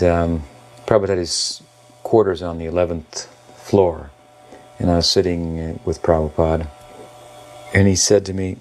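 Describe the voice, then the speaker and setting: A man's voice: low-pitched, vocal fry. A man in his seventies, a monk, thoughtfully recalling a story in an interview. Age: 70s. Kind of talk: reminiscing interview.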